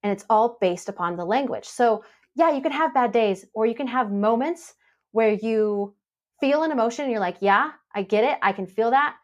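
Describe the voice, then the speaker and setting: A woman guest on a podcast, explaining her method in a relaxed, chatty way and acting out the lines she said in past moments. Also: on the high side, normal speed, dull audio. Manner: animated storytelling, acts out her own past lines. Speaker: podcast guest, happiness mentor. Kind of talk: casual podcast interview.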